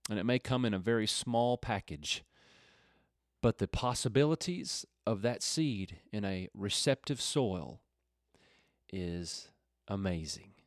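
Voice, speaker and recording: In clean studio audio with no room sound, a middle-aged man on a Christian radio program teaches the Bible and prays. His voice is on the low side with lively intonation and a slow pace, and his earnest, folksy manner builds into fervent appeals.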